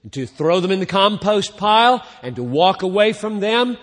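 A man preaching a sermon in a slow, deliberate way, swelling loud on key words and then falling almost to a hush at the ends of phrases. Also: sits high, sing-song, big-room sound. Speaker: pastor.

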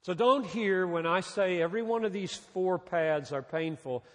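A man preaching a sermon as a pastor, with dramatic pauses, dropping soft and then rising again. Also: sits high. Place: large church hall. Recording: reverberant hall.

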